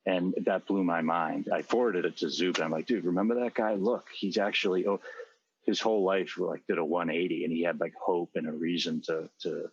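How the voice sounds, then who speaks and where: With a deep, gravelly, husky voice and fairly even intonation, this middle-aged man speaks at a moderate pace on a muffled recording. As a podcast co-host, he rambles earnestly through a lengthy personal story, often restarting and using fillers.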